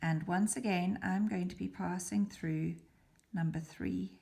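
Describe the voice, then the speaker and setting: Patient low-voiced woman teaching beadwork. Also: fairly even intonation, measured pace, creaky, mellow. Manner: patient, methodical, slipping into a whisper while concentrating. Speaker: beading tutor. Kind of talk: step-by-step craft demonstration.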